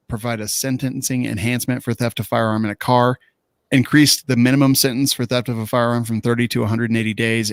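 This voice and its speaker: Fast-talking gravelly male podcast host. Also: medium pitch, dry recording, clean studio sound. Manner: quick, loose delivery with fillers. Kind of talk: casual news commentary.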